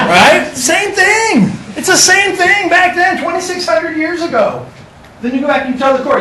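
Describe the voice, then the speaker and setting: A man teaches a class with a casual, joking lecture style, talking to his students. His voice is extremely high and very animated, a little fast, and picked up from far away in an echoey classroom with background noise.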